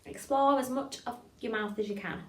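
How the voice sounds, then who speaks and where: Encouraging voice coach, woman, speaks phrases slow and crisp for students, echoey room. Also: fairly high pitch. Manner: encouraging, models phrases slowly and clearly. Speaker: voice and drama teacher. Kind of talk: online voice warm-up lesson.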